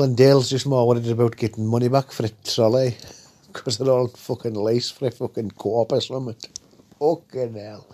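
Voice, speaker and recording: Crude rambling man, husky. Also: mid-range voice, warm tone. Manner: crude rambling anecdote, tags lines with "eh?". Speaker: comic storyteller. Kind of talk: comic monologue.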